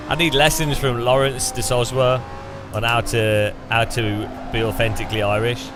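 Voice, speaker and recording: A man's voice: mid-range voice, normal speed, noisy background. A man joking through live racing-game commentary, greeting chat and poking fun at himself. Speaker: gaming streamer.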